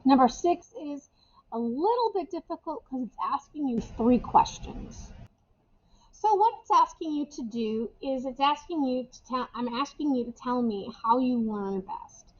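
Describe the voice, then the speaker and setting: Woman English teacher, casual and chatty, slightly high voice, muffled camera audio. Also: lively intonation, unhurried. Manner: casual, chatty, repeats key phrases. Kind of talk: recorded class instructions for remote students. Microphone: webcam or camera microphone.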